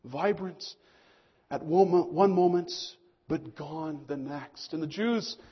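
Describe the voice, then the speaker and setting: A man preaching a sermon to his congregation as pastor, swelling on key lines and dropping low and slow for emphasis. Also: slightly rough, highs cut off.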